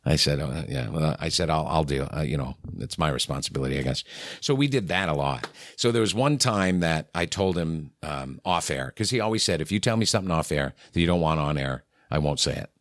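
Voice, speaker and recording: Very deep and animated, this middle-aged New England morning-radio host talks fairly quickly with few pauses. As a podcast guest he tells candid anecdotes and acts out the dialogue he recounts, captured in a dry, studio-quality recording.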